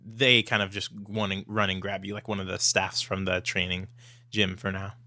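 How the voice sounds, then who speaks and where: Low, dry-sounding man, rambling. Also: little pitch movement, normal speed, pushed and bright, dry recording. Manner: rambling, hesitant. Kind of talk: casual tabletop talk.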